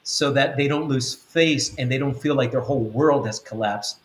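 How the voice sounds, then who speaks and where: A man teaches in an earnest, repetitive way, driving each point home and slipping into quoted voices. His voice sits at an ordinary mid pitch. The room adds a noticeable echo. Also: moderate pace, a little hiss or hum. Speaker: apostle. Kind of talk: spiritual teaching talk.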